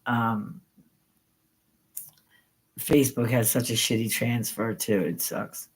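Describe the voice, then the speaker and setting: A middle-aged woman hosting a live stream, telling stories in a rambling, spontaneous way, excitable and quick to swear. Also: extremely low pitch, breathy edge. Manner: excitable, swears freely, jumps between thoughts. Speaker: paranormal livestream host.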